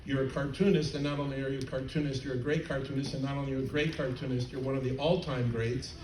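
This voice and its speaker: An older man chatting on a convention panel, halting with many fillers and restarts. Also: medium pitch, steady tone, darkish tone. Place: convention hall panel stage. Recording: roomy, distant, faint crowd noise.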